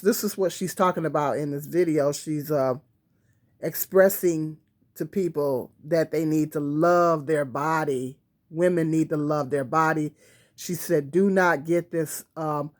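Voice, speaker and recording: A woman's voice: sits low, a little mellow. A woman talking casually to camera on a tripod, rambling with many fillers and restarts. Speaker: vlogger. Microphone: phone or camera on a tripod.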